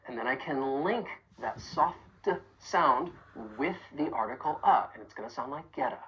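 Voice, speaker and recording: A woman with a remarkably deep, low voice leads a pronunciation lesson. She speaks clearly and deliberately, leaning on each sound so learners can copy it. The recording sounds a little dull and muffled. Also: expressive, fairly bright tone, slight background noise. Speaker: accent coach.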